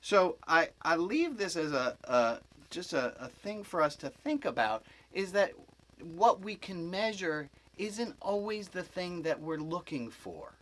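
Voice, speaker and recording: A man's voice: high-pitched, big pitch swings, measured pace, a bit bright, low-quality recording. A man who is a rabbi, giving an informal spiritual teaching to a group as a rambling storyteller who corrects himself with asides.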